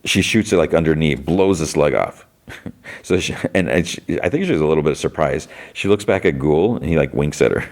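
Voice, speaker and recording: A podcast host with a gravelly bass voice speaks in an animated way at a fairly quick clip. He recaps an episode loosely and ramblingly, filling his talk with "like."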